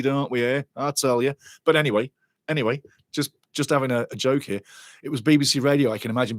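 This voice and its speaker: Reading out viewer comments and cracking jokes, an older man from Wales runs a football watchalong stream in a casual, excitable way, sometimes erupting into excited shouts. His pitch is medium, and the studio-quality recording has no echo.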